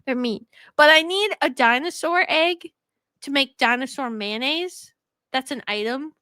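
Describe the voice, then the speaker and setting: A woman co-hosting a podcast in casual chat, excitable and quick to swear and laugh. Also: sits high, no room sound, studio quality. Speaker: podcast co-host.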